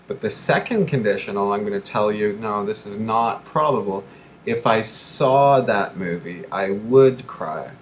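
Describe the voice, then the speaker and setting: Slow, deliberate male English teacher. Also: lowish voice, lively intonation, slight background noise. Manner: slow, deliberate, repeats key phrases for learners. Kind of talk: grammar lesson.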